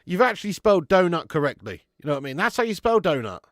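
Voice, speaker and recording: Guy on a live stream, gravelly voice, bounces around a lot, swears and says mate a lot, dry mic. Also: high-pitched, big pitch swings, fast, a bit bright, dry recording. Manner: swears freely, laughs often, calls viewers mate. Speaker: watch-along host reading live chat. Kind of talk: casual live-stream chat.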